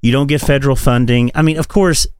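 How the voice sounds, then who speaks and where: A mid-pitched man talks in loose, profane political chat on a podcast. He is animated and laughs often. The sound is dry and close. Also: fast talker, clear, resonant tone, dry recording. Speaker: podcast co-host.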